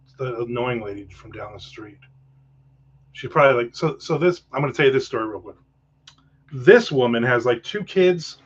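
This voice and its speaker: A man's voice: mid-range voice, expressive, brisk, breathy edge. A man hosting a casual livestream chat, rambling with profane jokes and asides. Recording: dull lo-fi sound.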